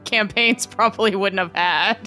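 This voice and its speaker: A woman's voice: medium pitch, normal speed, sharp tone, faint music behind. A woman who plays tabletop games, chatting in an easygoing, explanatory way with her group. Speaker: tabletop game player. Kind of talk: casual group chat.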